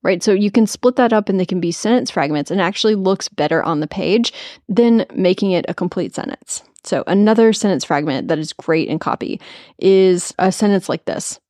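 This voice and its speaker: A woman's voice: on the low side, expressive, normal speed, a little mellow, no echo, clean studio sound. A woman hosting a podcast, giving a casual, upbeat spoken lesson on copywriting with playful asides. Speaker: podcast host teaching copywriting.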